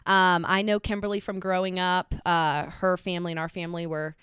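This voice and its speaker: A woman's voice: on the low side, little pitch movement, brisk, clear, resonant tone, no room sound, clean studio sound. A young woman hosting an interview podcast, chatty and encouraging, full of likes and ums. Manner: warm, chatty, many fillers. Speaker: podcast host.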